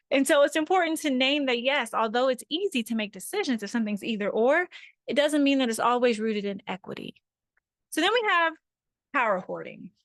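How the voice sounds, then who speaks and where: A woman's voice: high-pitched, fairly bright tone, no room sound, studio quality. A woman facilitating an online workshop over a video call, talking conversationally and often checking in with her listeners.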